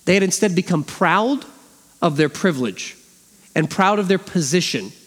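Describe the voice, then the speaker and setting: A man preaching a sermon as a pastor, animated, acting out the voices he quotes. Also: high-pitched, moderate pace. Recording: long hall reverb.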